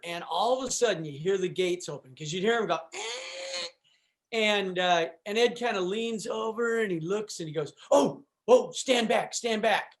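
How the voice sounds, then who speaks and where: A man guest on a podcast telling a story in a casual, animated way, acting out what people said and using lots of fillers. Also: high voice. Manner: animated, acts out quotes, fillers.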